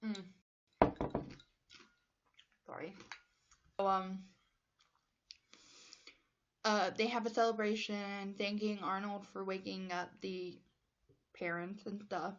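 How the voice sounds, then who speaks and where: A woman's voice: mid-range voice, flat delivery, slow, pauses often, muffled recording. A woman casually retelling a movie plot for her channel, chatty and emotional, with fillers and laughs, a bit stuffy from allergies. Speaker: movie reviewer.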